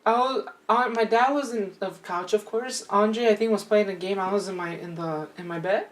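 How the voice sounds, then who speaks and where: A woman's voice: mid-range voice, normal speed. A young woman co-hosting a podcast, telling a story in a casual chat, rambling with many fillers and laughing now and then. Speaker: podcast co-host.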